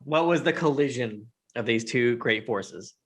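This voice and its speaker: A man's voice: medium pitch, measured pace, slightly rough. A middle-aged man hosting a podcast, introducing segments and asking questions in a friendly way. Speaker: podcast host.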